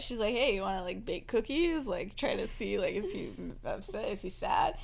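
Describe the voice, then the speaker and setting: A young woman hosting a podcast, casually telling a fan-fiction story. She laughs often and acts out the characters' lines as quick quotes. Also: on the high side, animated, creaky. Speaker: podcast host.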